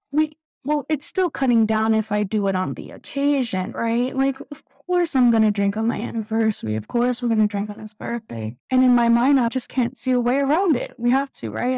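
Woman, 30s, raw personal testimony; mellow, slightly high voice, on the verge of tears, dry recording. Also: no echo, poor audio. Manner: candid, halting, tearful at times. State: close to tears. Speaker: guest sharing recovery story.

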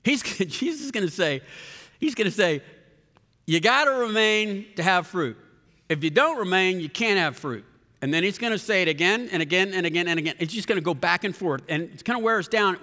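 A man's voice: high-pitched, pushed and bright, big-room sound. A man preaching a sermon as pastor, in a conversational way, with restarts and asides to the congregation.

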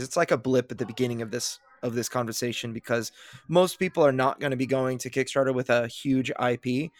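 A man's voice: medium pitch, no echo, clean studio sound. A man hosting a podcast, talking casually and energetically, often restarting his sentences. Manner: energetic and chatty, with frequent restarts. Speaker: podcast host.

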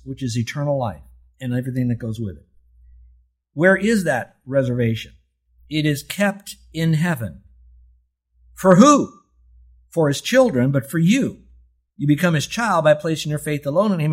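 An older male pastor delivers a sermon in a husky, slightly breathy voice of middle pitch. He asks rhetorical questions and drags out key words for emphasis.

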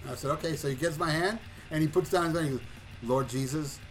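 Male co-host, high bright voice, profane animated storyteller, light music bed. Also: racing. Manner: animated, profane, acts out voices and shouts at punchlines. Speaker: podcast co-host. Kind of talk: casual storytelling chat.

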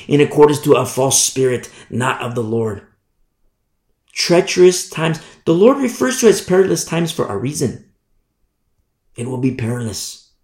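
A man's voice: medium pitch, a little mellow. A man preaching a sermon emphatically, driving points home with repetition. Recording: echoey room.

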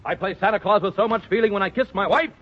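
A man's voice: high-pitched, fast talker. An actor playing a vain, washed-up male actor who works as a store Santa, grandiose and outraged, in 1940s radio acting. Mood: indignant. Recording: dull lo-fi old radio recording.

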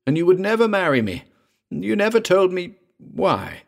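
A man's voice: medium pitch, animated, slow, voice pushed up. A man voicing a grieving man who weeps and pleads with a ghost. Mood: anguished. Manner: emotional, pleading. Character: grieving older man, weeping, desperate.

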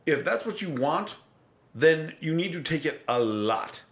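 A man's voice: fairly high pitch, expressive, a little slow. A man co-hosting a podcast in casual, profane chat, laughing often. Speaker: podcast co-host.

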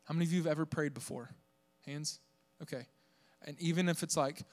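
A young man from the southern United States preaching a lively sermon, joking with the congregation and shouting for emphasis. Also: fairly high pitch, fairly quick, few pauses. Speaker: pastor.

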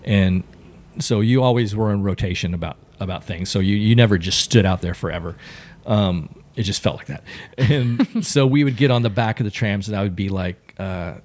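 Man, Texan accent, middle-aged, casual storytelling, animated. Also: on the low side, normal speed. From Texas. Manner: animated storyteller, acts out quotes. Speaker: podcast guest.

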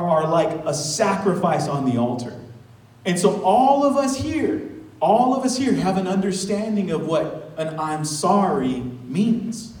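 A man preaching as pastor in a conversational, animated way, with casual asides and laughter. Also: high voice, echoey room, recorded from a distance, poor audio. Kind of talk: sermon. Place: church sanctuary.

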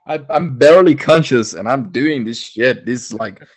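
A young man and new father chatting casually, profane and animated, telling stories with laughter. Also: medium pitch, moderate pace. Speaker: podcast co-host, father of a baby daughter. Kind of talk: casual chat.

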